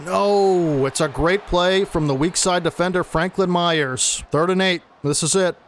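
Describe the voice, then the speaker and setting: A young man giving play-by-play commentary over a football video game he is playing, excitable and talking to viewers as folks. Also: sits high, a little slow, a little hiss or hum. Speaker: gaming channel host.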